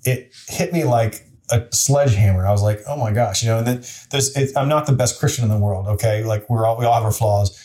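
A man's voice: lowish voice, brisk, warm tone. A man in his forties, a city council member and interview guest, telling a story in an earnest, plainspoken way with frequent restarts. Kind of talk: candid conversational storytelling.

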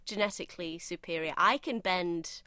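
A woman's voice: fairly low pitch, normal speed, pushed and bright, dry recording, studio quality. A woman co-hosting a comedy podcast, bantering in a playful, faux-earnest way.

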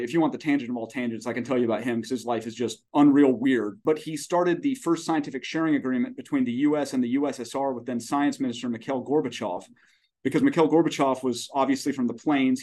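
This podcast guest, a startup CEO in his forties, speaks fast in a steady, medium-pitched voice with a darkish tone. The interview is conversational, and his folksy, expansive answers wander off into lengthy stories.

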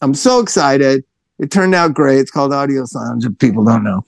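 A middle-aged man holds the floor on a podcast, swinging his pitch all over as he tells a story. His voice has a gravelly edge, and the room is dry and close. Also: moderate pace, dry recording. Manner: animated storyteller, acts out quotes in lowered voices. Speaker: podcast co-host. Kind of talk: casual storytelling chat.

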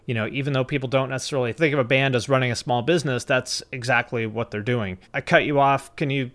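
Man, podcast host; candid and conversational, clear tone. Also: mid-range voice, fairly even intonation, fast, a bit bright, no echo. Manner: frank, conversational, swears casually. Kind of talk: casual podcast chat and listener advice.

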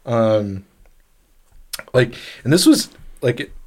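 A man co-hosting a casual podcast, talking at an ordinary pitch. He rambles and often restarts his sentences mid-thought. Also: sing-song, slow, darkish tone. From grew up overseas. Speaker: podcast co-host.

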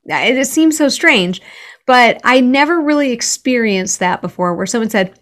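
A woman's voice: fairly high pitch, animated, normal speed, a bit bright. Give me an earnest woman author as a guest, restarting her sentences. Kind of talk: conversational interview.

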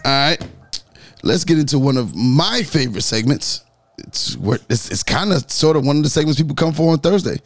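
A man hosting a podcast, reading news stories in a lively, joking way. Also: a little high, fairly quick, no echo. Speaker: podcast host. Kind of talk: casual podcast news chat.

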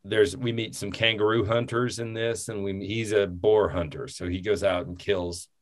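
A man casually recapping a film on a podcast, rambling and animated, laughing often as he talks. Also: on the low side, moderate pace. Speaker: podcast co-host.

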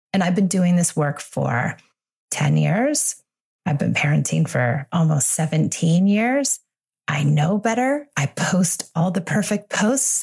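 A woman in her forties speaking alone on her podcast as a parenting coach. Her voice sits a little low and she talks in a candid, confessional way, reassuring her listeners as she goes. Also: gravelly, darkish tone, breathy edge. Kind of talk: solo podcast monologue.

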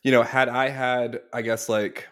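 A man co-hosting a casual podcast about device sales, relaxed and agreeable, adding quick asides to his friend's stories. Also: medium pitch.

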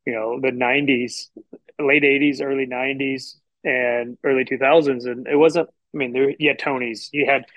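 This is a chef and restaurant owner from Houston, Texas, guesting on a casual podcast interview and rambling through stories while performing the quotes. His mid-range voice is steady, a bit bright and at normal speed. Sound is close and dry with no echo, but the audio quality is poor.

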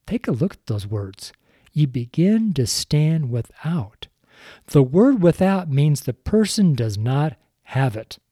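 A fairly high, mellow voice belongs to an older man, long a street preacher, preaching a sermon into a studio mic for a recorded show. He often fumbles his words and chuckles at himself self-deprecatingly. The recording is clean studio sound with no room sound.

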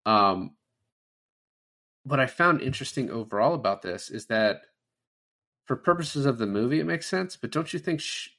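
A man's voice: medium pitch, moderate pace, pauses often. A man talking casually about a movie, swearing often and acting out the characters' lines. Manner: animated, swears often, acts out quoted lines. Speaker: podcast co-host. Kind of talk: casual film discussion.

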